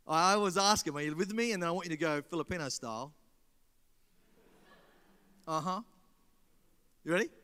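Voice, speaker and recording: Joking Australian preacher in a hall. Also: male voice, high-pitched, pushed and bright, smooth. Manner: joking, talks to the crowd. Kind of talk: sermon. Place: large hall. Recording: live hall with reverb.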